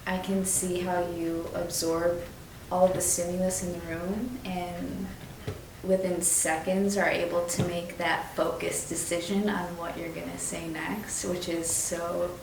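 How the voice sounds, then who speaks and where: Flat, low-voiced thoughtful woman. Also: unhurried, creaky. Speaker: friend giving a tribute. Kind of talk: reflective casual chat. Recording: echoey room, far mic, background noise.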